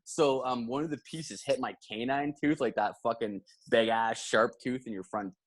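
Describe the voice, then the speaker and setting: A man's voice: mid-range voice, normal speed, crowd noise. A man hosting a podcast, telling a long story in casual chat, rambling and swearing, with frequent restarts. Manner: rambling and profane, restarts a lot, laughs mid-story. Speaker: podcast host.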